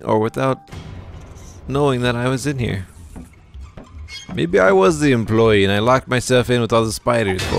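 A man's voice: mid-range voice, vocal fry. A man giving jokey let's-play commentary and talking back to the enemies in the game. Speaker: gaming video host.

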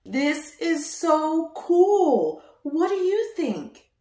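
Slow, sing-song woman host for toddlers. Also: high-pitched, big pitch swings, darkish tone. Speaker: children's show host. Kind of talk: teaching toddlers. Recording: roomy echo.

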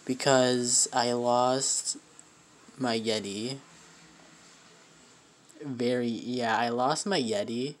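A young man talks through a casual toy vlog into a phone held in his hand. His speech is halting and rambling, full of fillers and restarts, with an emotional edge. His voice sits at an ordinary middle pitch. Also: steady tone. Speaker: vlogger. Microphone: handheld phone camera.

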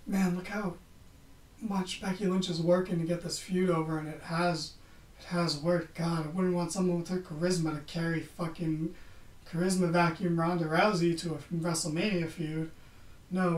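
A man hosting a podcast, giving a casual, sarcastic wrestling recap and swearing freely. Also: a little high. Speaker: podcast host. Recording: roomy, distant from the mic.

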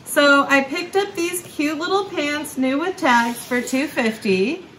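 A woman's voice: high-pitched, unhurried, a bit bright, slight background noise, low-quality recording. A woman hosting a casual thrift-haul vlog, chatty and upbeat, laughing often as she shows her finds. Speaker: thrift vlogger and channel host. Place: thrift store, then a barn.

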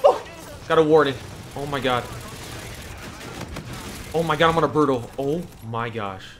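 A young man giving excited, slangy live commentary over his own video game play, talking straight to his viewers with loud outbursts. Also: medium pitch, normal speed, a little hiss or hum. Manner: slangy casual talk to viewers. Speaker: gaming YouTuber. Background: background music.

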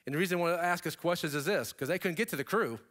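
Animated man telling a survival story on stage. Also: rapid-fire. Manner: animated storyteller, pitch jumping up for emphasis; casual asides to the audience. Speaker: keynote speaker. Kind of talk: motivational keynote storytelling. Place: stage before an audience.

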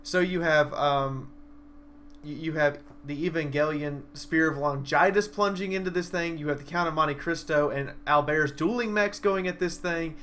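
A young man excitedly recapping a live-action role-play battle in a vlog, a dramatic storyteller whose voice leaps up and down. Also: moderate pace, a little hiss or hum. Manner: animated, dramatic storyteller with big swings in pitch and loudness.

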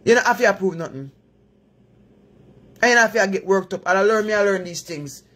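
A woman's voice: mid-range voice, expressive, fairly quick, a bit bright. A Jamaican woman hosting a live stream, giving earnest moral advice in patois-laced talk. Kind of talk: preachy live chat.

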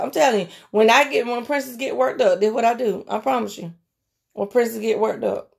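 A woman giving an informal sermon in a folksy way, calling her listeners honey and slipping into soft, murmured prayer. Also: fairly high pitch, fairly quick, vocal fry. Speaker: preacher.

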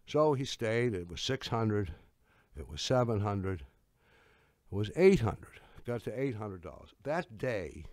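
An older man giving a talk, telling anecdotes with wry humor and frequent halting restarts. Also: low-pitched, no room sound, clean studio sound.

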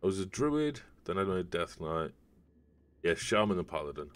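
Offering casual gameplay commentary, a man streaming a game rambles and chats to his viewers while playing. His voice sits low, moves at a moderate pace, and swings widely in pitch.

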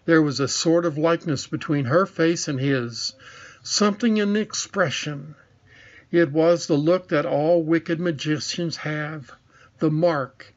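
A man's voice: fairly high pitch, muffled recording. A man reading a children's fantasy novel aloud as scripted narration. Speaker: audiobook reader.

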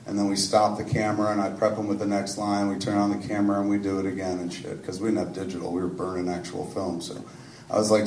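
A man's voice: fairly low pitch, a little mellow, a little hiss or hum. A man, answering audience questions in a rambling, profane, self-deprecating storytelling style. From suburban New Jersey. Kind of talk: live Q&A storytelling. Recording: echoey room from a distant mic.

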